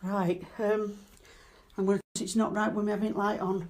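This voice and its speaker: A frightened woman, filming herself alone in a dark house at night, pleading and swearing under her breath. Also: mid-range voice, normal speed. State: scared. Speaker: cleaner alone in a supposedly haunted house. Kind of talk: filming herself, talking to viewers and to a ghost.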